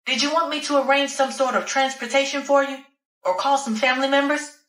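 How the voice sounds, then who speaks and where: A chirpy female nurse talks fast and raises her voice high, as a woman narrator puts her on. The tone is bright and crisp, and the reading sounds like a storybook audiobook. The recording has a roomy echo. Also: fairly even intonation, far from the mic. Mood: cheerful.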